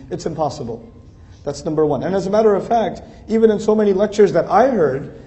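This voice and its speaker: A man's voice: a little high, mellow. A man giving an earnest religious lecture, building lists of phrases and rising to emphatic peaks. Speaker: Islamic speaker. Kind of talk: lecture to a Muslim audience.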